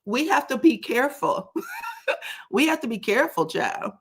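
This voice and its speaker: A woman hosting a casual commentary show. She talks in a sassy, animated way, often says "child", chuckles, and uses "um". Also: a little high, moderate pace, husky. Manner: frequent chuckles and filler "um". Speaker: host of a reality TV commentary channel.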